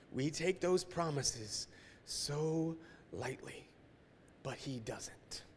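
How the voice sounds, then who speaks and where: A man preaching a sermon as a pastor, emotional, moving between hushed, near-whispered passages and forceful climaxes. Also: on the high side, long reverb tail, a little hiss or hum.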